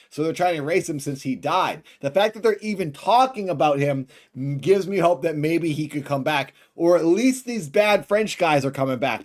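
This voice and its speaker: Male streamer, reaction commentary, higher voice, excitable. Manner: excitable, bursts into shouts.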